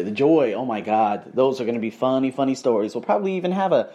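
Man, solo podcast host, lively swooping pitch, animated, profane rant. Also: fast talker, hardly any pauses, slight background noise. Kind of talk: casual solo storytelling.

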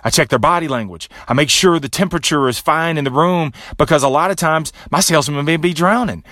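A man hosting a podcast, giving a motivational monologue with a pep-talk delivery that drops low and quiet on each repeated refrain. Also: a little fast, dry recording, studio quality. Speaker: podcast host.

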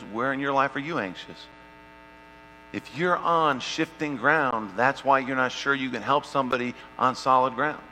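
A man preaching a sermon and telling a personal story, shifting between loud, lively stretches and quiet, hushed ones. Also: mid-range voice. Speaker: pastor. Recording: long hall reverb, faint mains hum.

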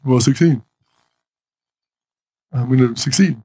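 A man's voice: medium pitch, slow, mellow. A man giving a motivational talk on stage, speaking conversationally and putting questions to his audience. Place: stage before a live audience.

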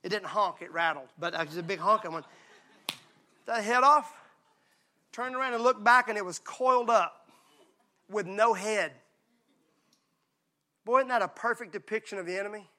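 A male pastor from Mississippi, preaching a lively, joking, conversational sermon. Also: high voice, moderate pace, long pauses. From Mississippi, USA.

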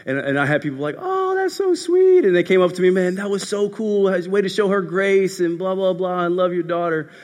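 A man preaching a sermon as a pastor, telling a story and swinging from loud passages to hushed ones. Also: fairly high pitch. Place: church hall. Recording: echoey hall.

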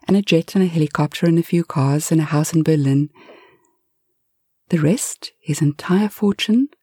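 A woman narrating a bedtime story for adults in a soft, half-whispered delivery. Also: low-pitched, husky, no echo, clean studio sound.

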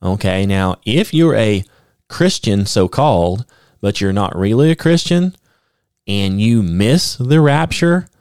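A man teaching the Bible on a podcast, explaining step by step with many "okay?" checks and reading scripture aloud slowly with emphasis. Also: lowish voice, animated, a little mellow, clean tone, no room sound, studio quality. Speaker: podcast preacher.

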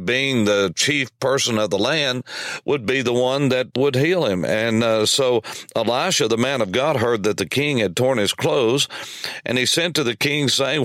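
A man's voice: medium pitch, normal speed, a bit bright, no room sound. A male preacher delivering a sermon, telling a story emphatically.

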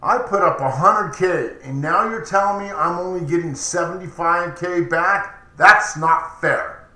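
Frustrated male gambler, protesting, slightly high, echoey room, as a man puts him on. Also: measured pace, pushed and bright. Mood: indignant. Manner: protesting, whiny. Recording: roomy echoey recording.

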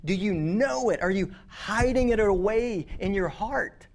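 Earnest male youth pastor, high voice, casual and repetitive delivery. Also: measured pace. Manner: conversational, earnest, repeats words. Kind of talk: sermon to teenagers.

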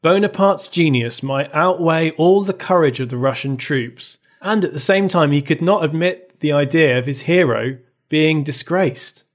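A man co-hosting a relaxed book chat, with a fairly high voice. He retells the plot in a chatty, easygoing way. He fills his talk with little pauses and fillers. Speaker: podcast co-host. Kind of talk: casual book discussion.

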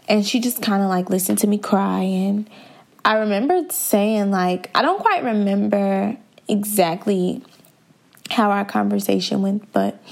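A woman's voice: mid-range voice, vocal fry, darkish tone. A young woman hosting a podcast, candidly telling a personal story in a conversational way and talking straight to her listeners. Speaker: podcast host.

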